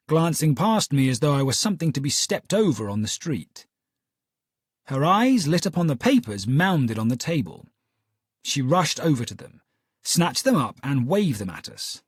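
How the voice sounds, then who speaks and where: A man reading a story aloud in a measured, expressive style. His slightly husky voice moves with lively intonation and sits a little high. The recording is close and dry. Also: dry recording. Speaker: audiobook narrator. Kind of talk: scripted narration.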